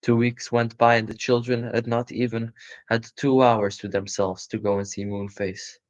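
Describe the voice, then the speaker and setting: A man giving a live reading of a children's storybook in a calm, steady voice. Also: medium pitch, moderate pace. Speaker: storybook reader. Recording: muffled lo-fi recording.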